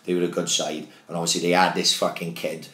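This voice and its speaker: A Welsh former footballer tells loose, heavily sweary stories in a casual podcast chat. His low voice is level in tone and fast, with crowd noise and a roomy echo in the recording.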